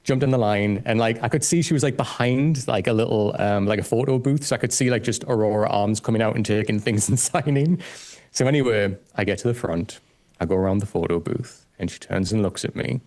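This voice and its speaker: Excitable man telling a story. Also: on the low side, a little fast. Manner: excitable, gushing, swears freely. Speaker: guest, music reaction video creator. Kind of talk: casual storytelling chat.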